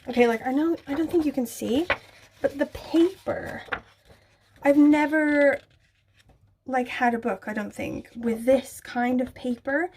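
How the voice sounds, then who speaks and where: A woman's voice: sits high, measured pace, darkish tone, slightly rough. A young woman chatting casually to camera about books, gushing and full of filler words. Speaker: book vlogger.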